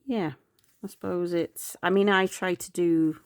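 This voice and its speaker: A middle-aged woman talks in a low, unhurried voice with a gravelly edge. She rambles, corrects herself and lets soft laughs slip in, sounding tired. The sound is close and dry. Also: fairly even intonation, dry recording. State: tired, yawning. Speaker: planner vlogger. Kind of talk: chatty planner update.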